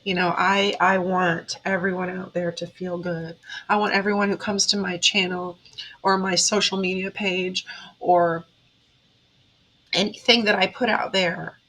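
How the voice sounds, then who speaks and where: A woman's voice: fairly low pitch, little pitch movement, a little slow, a bit bright, low-quality recording. A woman, a tarot reader giving an earnest, emotional motivational monologue straight to her viewers. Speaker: tarot reader and spiritual vlogger.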